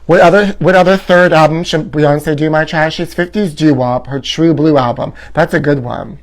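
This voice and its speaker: A man's voice: fairly high pitch, steady tone, moderate pace. A man hosting a live gossip stream from home in a campy, theatrical way, reading viewer comments aloud and calling everyone honey. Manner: reads fan comments aloud. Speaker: host.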